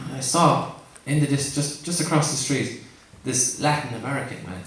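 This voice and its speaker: A man's voice: mid-range voice, moderate pace. A man doing a rambling, self-mocking stand-up set while tipsy, laughing at his own jokes. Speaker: stand-up comedian. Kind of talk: stand-up routine. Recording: echoey live room, mic far off, noisy.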